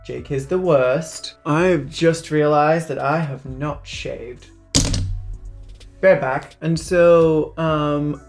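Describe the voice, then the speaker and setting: A man with a northern English accent giving a sarcastic, animated movie review in a casual vlog. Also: a little high. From northern England. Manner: sarcastic, animated storytelling with mocking asides.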